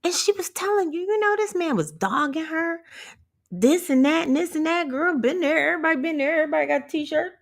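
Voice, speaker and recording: An empowerment vlogger rants motivationally straight to her viewers, blunt, profane and sassy, laughing often. Her high, creaky voice is brisk, with lively intonation.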